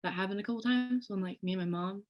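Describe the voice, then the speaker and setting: A woman's voice: mid-range voice, fast. A young woman, a student guest on a panel, telling a personal story in casual speech and acting out other people's voices. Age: young adult. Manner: animated, acts out others' voices in quotes.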